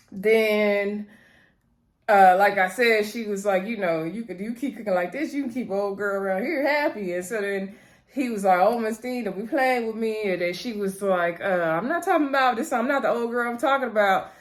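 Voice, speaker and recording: Woman doing a chatty tv recap, quotes the characters, laughs a lot. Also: mid-range voice. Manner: chatty, retells scenes quoting characters, laughs often. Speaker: TV recap reviewer. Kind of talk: casual spoken episode recap.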